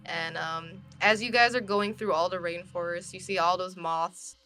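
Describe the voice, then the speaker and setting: Brief: woman game master, bright and giggly, narrating the scene, faint music underneath. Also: on the low side, fairly even intonation, moderate pace. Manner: giggly, laughs often while narrating.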